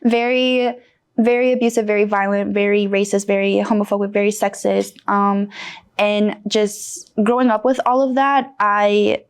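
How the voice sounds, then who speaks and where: A woman's voice: mid-range voice, normal speed, clean tone. Frank young woman telling her story. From North Carolina. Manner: frank, animated storytelling with many fillers. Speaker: guest. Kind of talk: candid personal interview.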